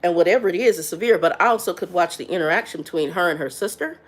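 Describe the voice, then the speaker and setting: A woman's voice: lowish voice, quick pace. A middle-aged woman hosting a casual livestream chat, frank and blunt, often stumbling and repeating words as she talks. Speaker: livestream host.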